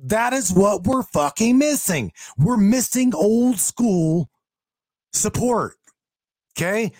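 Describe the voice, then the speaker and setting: A man hosting a casual talk show, an excitable talker who swears often and stumbles through restarts. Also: high voice, takes it slowly, dry recording. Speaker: beer hauler, union truck driver. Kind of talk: casual chat.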